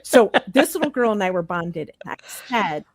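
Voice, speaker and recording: Convidada de podcast, mulher, narra de forma sincera e animada; som seco e próximo. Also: female voice, medium pitch, very animated, moderate pace, dry recording. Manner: earnest storyteller acting out quoted dialogue. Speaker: podcast guest. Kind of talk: live podcast Q&A, storytelling.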